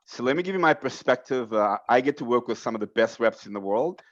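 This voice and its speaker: A man's voice: mid-range voice, animated, fast talker, dull audio. A man giving a motivational sales coaching talk on a team video call, emphatic and direct, laying out numbered points to his reps.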